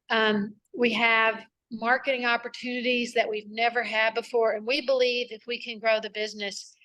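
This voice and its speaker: A woman's voice: on the high side, fairly bright tone. A middle-aged woman, a nonprofit founder, answering interview questions over a video call in a chatty, rambling way full of asides and fillers.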